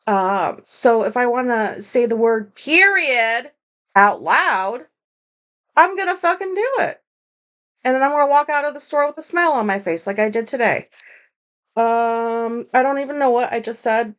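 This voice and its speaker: A woman hosts a solo podcast from home, and her voice sits a little high for a woman. She rambles freely with lots of fillers, and her talk is candid and heavy on swearing. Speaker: podcast host. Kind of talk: casual solo podcast monologue.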